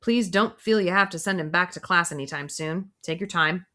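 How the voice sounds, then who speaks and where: A woman's voice: on the low side, moderate pace, pushed and bright. A woman voicing a grumpy middle-aged male teacher with a dry, sarcastic delivery.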